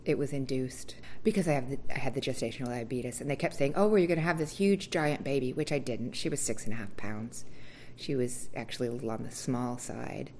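A woman telling her own birth story in a candid, wry, casual way, acting out voices with big leaps in pitch. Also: steady tone, fairly quick, dark tone, slight background noise.

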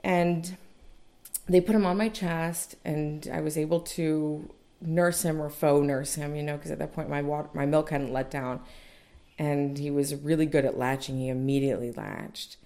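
Low gravelly-voiced woman telling a story. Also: fairly even intonation, moderate pace, mellow. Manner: candid, conversational, many fillers. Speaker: mother recounting childbirth. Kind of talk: personal storytelling.

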